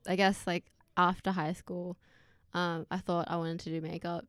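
A woman co-hosting a podcast with a low-ish, very flat delivery that stays low-key and dry. The recording is close and dry. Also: moderate pace, clear, resonant tone, no room sound. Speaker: podcast co-host. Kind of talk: casual chat.

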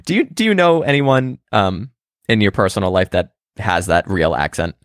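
A man co-hosting a podcast, musing in halting casual chat with many restarts. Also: lowish voice, expressive, dry recording, clean studio sound. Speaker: podcast co-host.

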